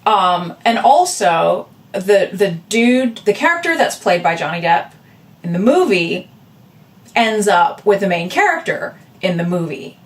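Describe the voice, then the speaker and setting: A woman artist vlogs chattily to camera, rambling with fillers and asides, very animated yet a little slow. Her voice is mid-range, picked up by a distant camera mic with a separate audio backup.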